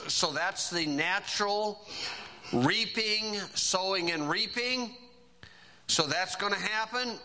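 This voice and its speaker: A man preaching a sermon, reading scripture aloud and stressing key phrases with slow, drawn-out emphasis. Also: sits high, expressive, pushed and bright, rough recording.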